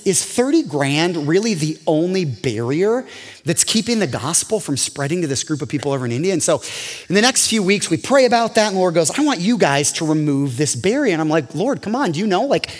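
Animated preaching man in a reverberant hall. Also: high-pitched. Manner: animated storytelling, acting out dialogue with God. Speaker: pastor. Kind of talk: sermon.

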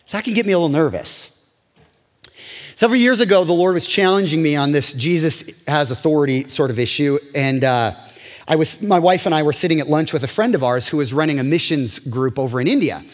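A man preaching from the pulpit of a large church, his slightly high voice swinging up and down as he acts out conversations. The sound rings with long reverb from the hall. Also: brisk. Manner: animated storytelling, acting out dialogue with God. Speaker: pastor. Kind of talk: sermon.

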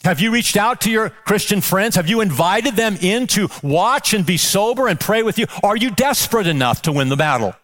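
A man's voice: sits high, animated, normal speed, hardly any pauses, a bit bright. A male pastor preaching a sermon with passion, firing off rhetorical questions and repeating words as he builds.

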